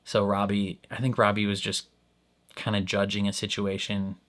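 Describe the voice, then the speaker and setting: A man with a fairly low voice talks through his reaction to an episode. His commentary is loose and casual, packed with fillers and frequent laughs. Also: monotone, moderate pace, fairly bright tone. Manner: rambling, filler-heavy, laughs often. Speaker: reaction video host.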